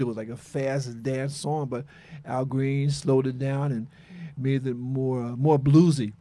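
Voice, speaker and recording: Halting male radio host, dry sound. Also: mid-range voice, a little mellow, no room sound. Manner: hesitant, with many fillers and restarts. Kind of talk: casual radio talk.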